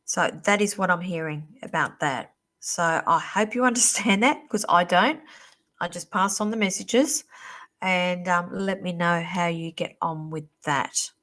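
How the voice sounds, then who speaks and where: A woman hosting a live-stream psychic reading, chatty and reassuring, calling viewers darling, her voice going a little hoarse. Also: on the low side, measured pace, a bit bright. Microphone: computer or phone mic on a live stream.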